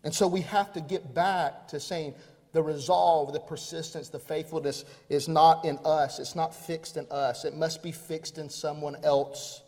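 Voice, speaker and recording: A man preaching a sermon as pastor, with rhythmic repetition that builds to loud, emphatic peaks. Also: a little high, steady tone, a little slow. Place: church sanctuary. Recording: long hall reverb.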